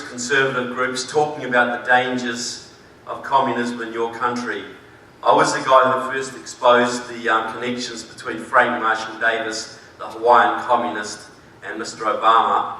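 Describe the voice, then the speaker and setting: A man with a New Zealand accent addresses a conference crowd in a bright, forceful voice. His tone is folksy and joking one moment and emphatic the next. The sound carries a heavy echo, and he seems set back from the mic in a large hall. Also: medium pitch, slight background noise. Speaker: conference speaker. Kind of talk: conference speech. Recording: echoey hall, voice from far off.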